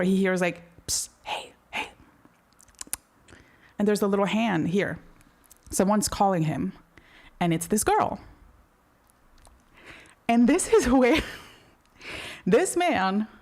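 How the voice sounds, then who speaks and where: A woman's voice: medium pitch, creaky. A woman hosting a casual commentary video, chatty and slangy, full of fillers and asides. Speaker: video essay host.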